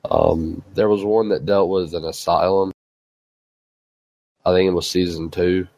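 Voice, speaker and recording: A sick man with a raspy voice, chatting hesitantly on a casual podcast. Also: low-pitched, a little slow, a little mellow, no room sound. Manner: hesitant, lots of fillers. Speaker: podcast co-host. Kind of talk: casual chat.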